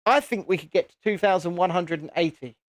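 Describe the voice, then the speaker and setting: A man's voice: sits high, fairly quick, dry recording. A British man hosting a live stream, chatting casually to viewers in a self-deprecating, easily flustered way. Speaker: channel host.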